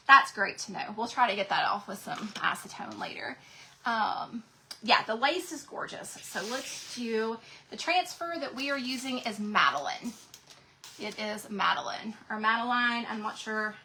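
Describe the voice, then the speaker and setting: A woman's voice: fairly high pitch, background noise. A woman hosting a casual crafting livestream, chatting to viewers as she works. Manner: chatty, addresses viewers as y'all.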